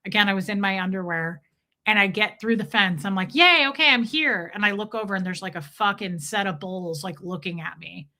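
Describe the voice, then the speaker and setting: A woman's voice: mid-range voice, steady tone, fairly quick, sharp tone. A woman hosting a livestream, telling rambling, jokey stories in a casual chat with viewers. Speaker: livestream host.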